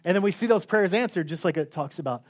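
A man preaching a sermon, animated, swinging from quiet, intimate lines to loud shouts. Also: sits high, fast.

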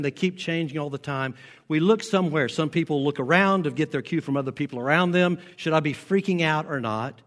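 Preacher with a faint Southern twang, echoing hall. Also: male voice, fairly high pitch. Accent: faint Southern American. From American South. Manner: emphatic, repeats key lines slowly for weight. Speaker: pastor. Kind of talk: sermon. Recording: long hall reverb.

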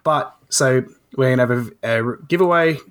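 A man hosts a casual podcast about making things. He talks loosely and rambles a little, with plenty of fillers, in a voice of ordinary pitch. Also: normal speed, a bit bright. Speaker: podcast host.

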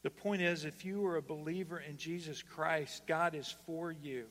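A pastor preaching a sermon to his congregation, swinging between loud emphatic calls and hushed, slow lines. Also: a little high, fairly even intonation. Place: church hall. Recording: long reverb of a church hall.

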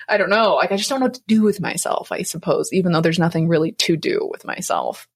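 A woman's voice: on the low side, animated, fast, few pauses, slightly rough. A young woman co-hosting a casual faith podcast, rambling with many fillers and frequent laughs. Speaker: podcast co-host.

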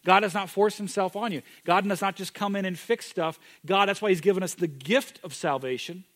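A man preaching a sermon, moving from loud, emphatic declarations to hushed, intimate moments. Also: sits high, brisk. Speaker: pastor.

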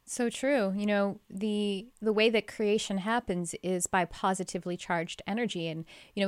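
Animated female podcast host, mid-range voice, dry sound. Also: mid-range voice, clear, resonant tone, no echo. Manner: animated, laughs easily. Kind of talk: casual conversation.

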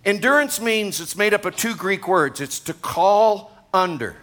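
Pastor guy preaching in church, high bright voice, gets all fired up and jokes around. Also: a little slow. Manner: energetic, excitable, jokes with congregation. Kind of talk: sermon.

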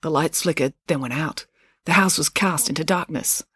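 A woman author narrating a storybook chapter in a calm, expressive reading. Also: low-pitched, normal speed, breathy edge, no room sound, clean studio sound.

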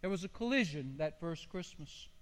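A man's voice: on the high side, animated, normal speed, a bit bright. An older man, a pastor, preaching a sermon in a folksy, storytelling way with homely illustrations. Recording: long hall reverb.

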